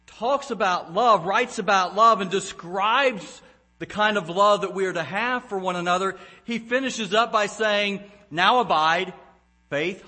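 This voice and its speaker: Bright-voiced pastor giving a devotional. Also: male voice, high voice. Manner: earnest, rising to emphatic when quoting scripture. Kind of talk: devotional talk to a congregation.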